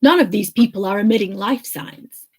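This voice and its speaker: Precise android officer, read by a woman, measured and calm. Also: medium pitch, husky, natural voice. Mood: matter-of-fact.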